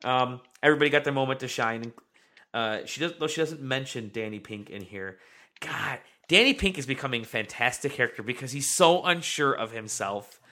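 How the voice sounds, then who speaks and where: A man's voice: medium pitch, animated, a little fast, bright, forceful tone. A man hosting a podcast, chatting casually and reading out listener comments with plenty of fillers. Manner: rambling, reads listener comments aloud. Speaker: podcast host.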